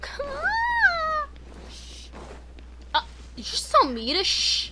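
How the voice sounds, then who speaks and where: Woman vtuber, high and bright, swoops in pitch, giggly chaotic outbursts, unhurried. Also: very animated, slight background noise. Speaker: vtuber streamer. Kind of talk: casual game stream chatter.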